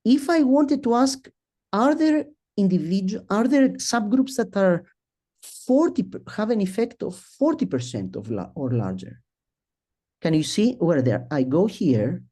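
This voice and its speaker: A middle-aged man presenting a statistics talk at a symposium, speaking haltingly, restarting sentences and thinking aloud as he works through his slides. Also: high-pitched, sing-song, dark tone. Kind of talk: academic statistics lecture.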